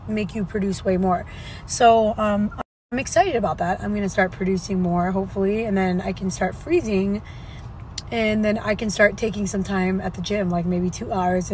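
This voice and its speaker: Tired young mom vlogging from the gym. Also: female voice, mid-range voice, a little hiss or hum, low-quality recording. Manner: chatty, tired, venting. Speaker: vlogger and mother. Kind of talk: casual vlog talk to camera. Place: at the gym, faint ambient noise.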